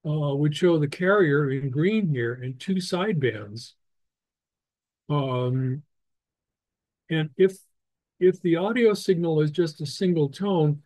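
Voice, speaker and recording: A man teaching a ham radio licensing class over slides, explaining slowly with many restarts and fillers. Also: a little high, a little mellow, no room sound, low-quality recording. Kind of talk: technical lecture over slides.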